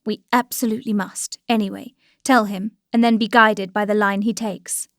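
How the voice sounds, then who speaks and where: A woman reading the lines of a resolute young male officer in a quiet, persuasive tone. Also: on the high side, fairly even intonation, moderate pace, gravelly, no room sound, studio quality. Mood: earnest. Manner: quiet, earnest pleading.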